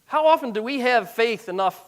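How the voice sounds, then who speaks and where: A man's voice: very high-pitched, animated, fairly quick, smooth. A middle-aged man preaching, reading scripture aloud and breaking into plain-spoken asides to explain it.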